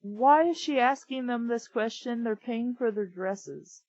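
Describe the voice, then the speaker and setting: A woman's voice: on the high side, unhurried, darkish tone, no echo, muffled recording. A woman co-hosting a comedy reading show, reading fanfiction aloud and riffing on it in a blunt, sarcastic way with plenty of swearing. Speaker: podcast co-host reading fanfiction.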